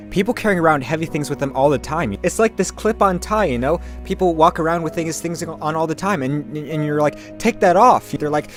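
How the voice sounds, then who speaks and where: A man hosting a comedy vlog, talking into a webcam in his bedroom with melodramatic, over-sincere delivery. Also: a little high. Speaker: comedy vlogger. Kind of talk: mock-earnest sketch monologue.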